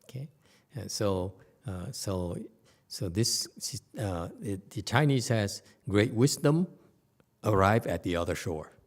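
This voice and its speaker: A man's voice: fairly low pitch, lively intonation, slow. A man giving a conversational Buddhist sutra lecture, often stopping to question his audience. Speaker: Buddhist teacher.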